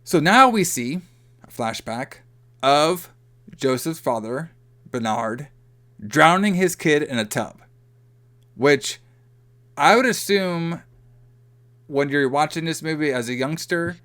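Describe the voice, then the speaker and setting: A man co-hosting a podcast recaps a movie in a loose, rambling way, leaning heavily on fillers like "like" and "you know". His voice is slightly high, a bit bright and lively in intonation, and he speaks slowly with long pauses.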